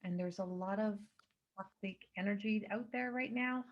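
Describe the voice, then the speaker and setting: A woman's voice: mid-range voice, normal speed. Lady doing a psychic reading at home, rambly and emphatic, kinda muffled webcam sound. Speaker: psychic reader. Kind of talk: channeled astrology reading. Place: indoors at home by a window. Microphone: computer camera mic. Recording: slightly dull lo-fi recording.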